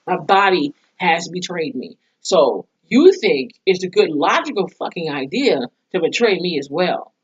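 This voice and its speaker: A woman's voice: fairly low pitch, lively intonation, unhurried, hardly any pauses, husky. A woman reviewing a TV episode in a casual vlog, ranting heatedly with profanity and sarcastic asides. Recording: dull lo-fi sound.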